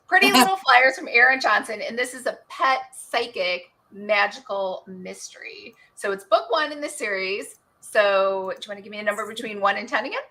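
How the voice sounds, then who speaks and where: A woman hosting an online book club chat, talking casually and quickly, laughing often. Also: medium pitch, expressive, pushed and bright.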